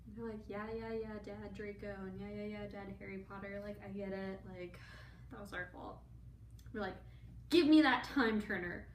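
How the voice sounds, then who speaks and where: Tipsy woman rambling through a story. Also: medium pitch. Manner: tipsy, rambling, acts out characters' lines. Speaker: drunk storyteller. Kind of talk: rambling comic retelling. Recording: echoey room from a distance, faint background noise.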